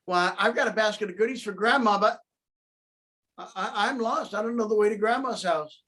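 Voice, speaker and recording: A man's voice: high voice, brisk, bright, forceful tone. A man voicing a rude, selfish little girl in a spoken story. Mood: singsong.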